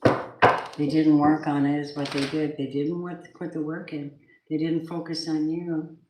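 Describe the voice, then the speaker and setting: A woman's voice: low-pitched, level tone, measured pace, a little mellow, reverberant, slight background noise, poor audio. A woman doing a live tarot reading, gushing over her viewers and swearing now and then. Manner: effusive, gushing address to viewers, occasional swearing. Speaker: tarot reader.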